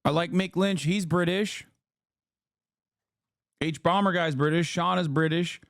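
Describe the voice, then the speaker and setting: A man's voice: fairly high pitch, a little slow, vocal fry, fairly bright tone, dry recording, clean studio sound. Blunt, exasperated male streamer. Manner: blunt, exasperated, swears freely. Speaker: streamer reacting to a video. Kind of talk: casual livestream commentary.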